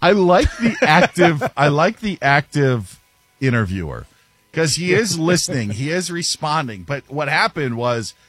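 A man's voice: fairly high pitch, big pitch swings, measured pace, a bit bright, slightly rough. A man hosting a sports talk show, telling stories with a self-mocking streak and laughing often. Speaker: sports radio host. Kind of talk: casual talk show banter.

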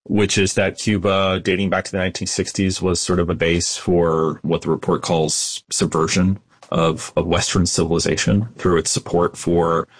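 Male academic guest, very low voice, dry close sound, measured explainer. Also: husky, no echo. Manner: measured, explanatory, with frequent restarts. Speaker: guest historian. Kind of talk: interview answers.

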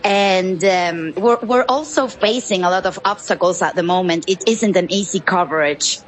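A woman journalist from Venezuela answering interview questions in a measured, earnest way. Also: lowish voice, rough recording. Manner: measured, earnest, with some fillers.

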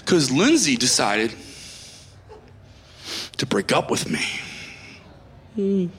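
A man's voice: medium pitch, very animated, takes it slowly, husky. A male comedian doing a stand-up act, ranting in a sarcastic and profane way. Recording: echoey room with loud ambience.

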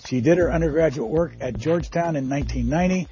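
Man, TV host, mellow dark voice, dull audio, faint music behind. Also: fairly high pitch, fast. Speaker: television interviewer, host. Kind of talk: interview questions.

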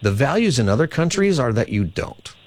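A man's voice: mid-range voice, big pitch swings, a little fast. A man hosting a call-in radio talk show, explaining his views earnestly and often repeating words as he thinks aloud.

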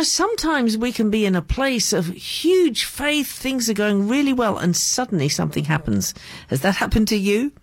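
A woman hosting a short devotional talk, speaking gently and pastorally to the listener. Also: on the low side, no room sound. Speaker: radio devotional host.

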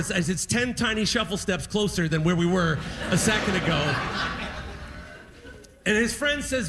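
A man telling stand-up comedy stories in an animated way, laughing as he goes. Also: high-pitched, moderate pace.

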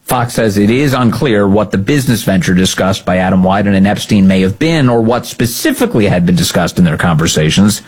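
A man's voice: on the low side, animated, brisk, hardly any pauses, darkish tone, slightly rough, low-quality recording. A man hosting a political commentary show, talking in a mocking, sarcastic way. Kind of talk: opinionated commentary.

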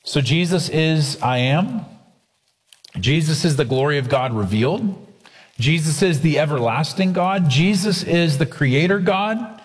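A man's voice: mid-range voice, in a large hall. A man preaching a sermon, emphatic and repetitive, with casual asides to the congregation. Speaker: pastor.

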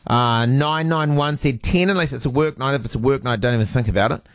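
A man's voice: mid-range voice, fairly quick, no room sound. A man co-hosting a radio show in casual chat, reading listener messages and adding hesitant uhs. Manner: reads out items with hesitant uhs. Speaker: radio co-host.

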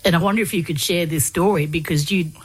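Low, husky woman interviewing. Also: fast. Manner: searching for words, hesitant with fillers. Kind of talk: conversational interview.

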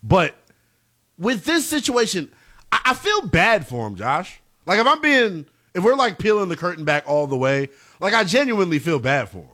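A man's voice: high-pitched, sing-song, moderate pace, sharp tone. A man co-hosting a sports talk show, talking in an emphatic, incredulous way. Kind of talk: casual sports debate.

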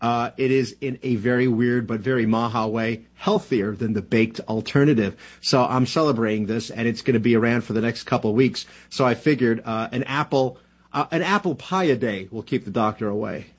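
A husky, mid-range male voice belongs to a New Jersey political commentator chatting casually in a radio interview. He speaks haltingly, with lots of fillers and restarts.

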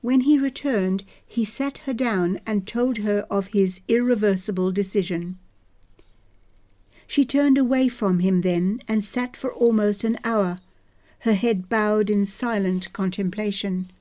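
A woman reading a novel aloud in a slow, soft, measured way. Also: mid-range voice. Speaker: audiobook reader. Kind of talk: scripted narration.

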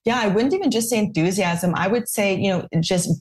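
A woman's voice: mid-range voice, fairly quick, a little mellow. A woman from Quebec, speaking as a thoughtful, articulate panelist in a discussion. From Quebec, Canada.

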